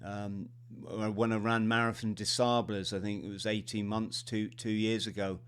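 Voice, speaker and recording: A middle-aged man hosting a podcast, chatting casually in a halting, animated way with laughs between phrases. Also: fairly low pitch, clear, resonant tone. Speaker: podcast host. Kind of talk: casual interview chat.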